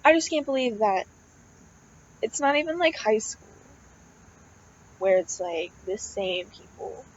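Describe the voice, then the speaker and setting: A fairly high-pitched, animated young woman, a college student, vents at a measured pace, rambling casually with frequent swearing and heavy use of "like," "um" and other fillers. The recording is muffled, with a little hiss or hum.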